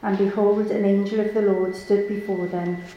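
A woman's voice: mid-range voice, normal speed, dull audio, slight background noise. A woman reading a Bible passage aloud in a church service. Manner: steady, even reading. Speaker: Bible reader. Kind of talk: scripture reading. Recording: echoey church room with faint ambience.

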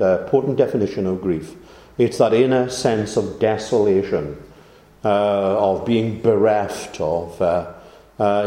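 A man preaching a sermon, measured and unhurried, pausing often with "uh" and lifting his voice for emphasis. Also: fairly low pitch, mellow, roomy sound. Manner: measured delivery with frequent "uh" pauses, rising for emphasis.

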